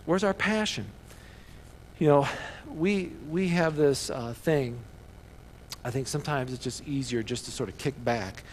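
A man preaching a sermon as a pastor, telling stories with bursts of loud excitement. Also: mid-range voice, unhurried, pauses often, big-room sound, slight background noise.

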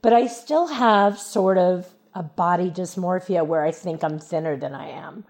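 A woman's voice: fairly low pitch, normal speed, a little mellow. A woman from Louisiana speaking as a podcast guest in casual chat, telling personal stories frankly and laughing along the way.

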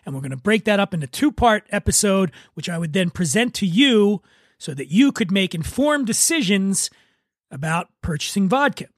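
Host, man, high voice, animated self-mocking storyteller, dry close sound. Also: moderate pace, dry recording. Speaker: podcast host. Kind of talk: casual podcast chat.

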